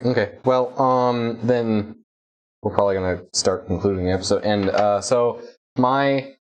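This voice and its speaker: A man with a lowish voice runs a tabletop game, describing scenes for his players. He narrates in halting bursts, full of fillers and restarts. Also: highs cut off. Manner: hesitant, filler-heavy narration. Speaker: game master.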